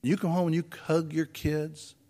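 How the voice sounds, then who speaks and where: A man's voice: a little high, little pitch movement, normal speed, warm tone, in a large hall. A man preaching a conversational sermon as pastor, asking the congregation rhetorical questions. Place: church sanctuary.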